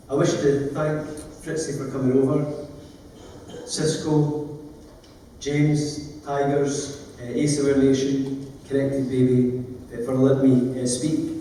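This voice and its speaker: A man's voice: mid-range voice, warm tone, slight background noise. A man, a lawyer, telling stories in an earnest, emotional, plain-spoken conference talk. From Scotland. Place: large conference hall. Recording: echoey hall from far off.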